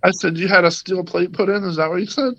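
Gravelly man on a dull lo-fi mic. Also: sits high, steady tone, quick pace, a bit bright. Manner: hedging, offers personal opinions. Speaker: podcast guest. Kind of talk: casual sports podcast chat. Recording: dry, slightly dull lo-fi mic.

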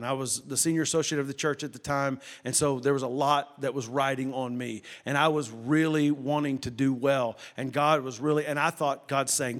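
A middle-aged man, preaching a sermon and telling a story, swinging from loud bursts to hushed retelling. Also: mid-range voice, fairly even intonation, normal speed, few pauses. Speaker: pastor.

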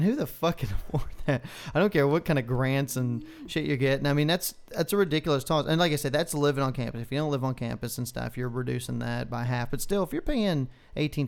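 A man's voice: medium pitch, creaky, clear, resonant tone. A man co-hosting a podcast, reeling off numbers in an emphatic, profane way. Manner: emphatic, profane, reciting figures. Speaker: podcast co-host. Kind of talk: casual chat.

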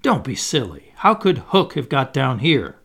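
Man voicing a boy hero, cocky, loud, urgent, lively pitch. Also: unhurried, vocal fry, breathy edge, exaggerated voice. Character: boyish brave young boy hero, cocky.

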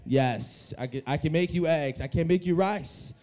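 Young man, youth preacher, sermon, mellow warm tone, higher pitch, animated, repeats words. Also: normal speed. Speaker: youth pastor. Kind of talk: energetic sermon. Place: church hall.

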